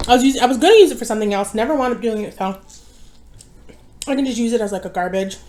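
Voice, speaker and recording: A young woman chatting casually at home as she eats, her voice sitting a little high. She sounds worn out and talks in a rambling way, losing her thread and correcting herself. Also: expressive, very fast, darkish tone. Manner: rambling, easily distracted, self-correcting. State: tired. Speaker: mukbang vlogger. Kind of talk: casual chat while eating.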